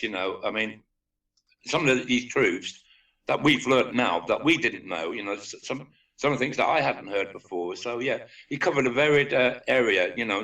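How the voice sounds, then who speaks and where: A man chatting as a guest in a measured, reflective way with many fillers. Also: mid-range voice, fairly bright tone. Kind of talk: casual chat. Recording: voice distant from the mic.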